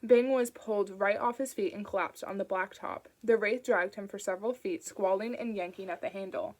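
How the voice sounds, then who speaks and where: A woman reading an audiobook in a steady, even narration. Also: medium pitch, brisk, hardly any pauses. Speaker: audiobook reader.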